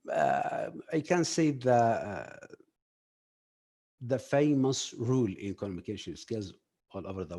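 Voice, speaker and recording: Man, workshop trainer, slow delivery, hesitant with many fillers, talks to the group directly. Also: medium pitch, slightly rough. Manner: halting, filler-heavy, addresses audience directly. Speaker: communication skills trainer.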